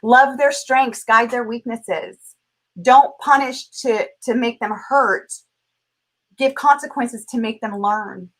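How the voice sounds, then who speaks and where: A woman's voice: fairly high pitch, slow, low-quality recording. A middle-aged woman from California, a parenting coach who talks as an interview guest in a passionate, emphatic way. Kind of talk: heartfelt conversational interview.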